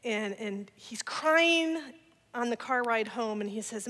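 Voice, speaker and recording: A woman delivers an energetic, humorous church talk. Her voice is bright and fairly high. The sound carries a long reverb, as from a church hall. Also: slow. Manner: energetic, laughing, playful asides. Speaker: guest speaker.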